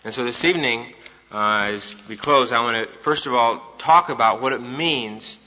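A man's voice: medium pitch, normal speed, sharp tone. A man preaching an evening sermon, emphatic and repeating his key points for the congregation. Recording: dull recording in a reverberant hall.

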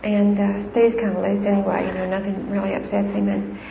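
A woman's voice: medium pitch, completely flat delivery, a little fast, vocal fry. A middle-aged woman gives an informal talk on raising children in faith, with frequent fillers and restarts. Her voice carries a long echo through a hall. The old recording sounds dull and lo-fi, with a faint hiss. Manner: conversational, warm-hearted, frequent fillers and restarts. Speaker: speaker on Christian parenting. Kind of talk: informal talk to a live audience.

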